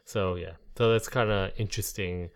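A man's voice: sits low, fairly even intonation, moderate pace, clear, resonant tone. A man hosting a casual movie discussion, rambling with many fillers and restarts.

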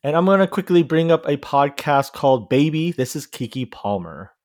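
A man hosting a casual podcast chat, talking in a halting way with lots of filler words and restarts. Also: fairly high pitch, very animated, darkish tone, no echo, studio quality. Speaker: podcast host.

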